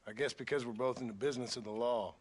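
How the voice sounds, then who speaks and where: Calm western gunman, played by a man, terse and level. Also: medium pitch, fast talker, a little hiss or hum, lightly acted. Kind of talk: video game voice acting.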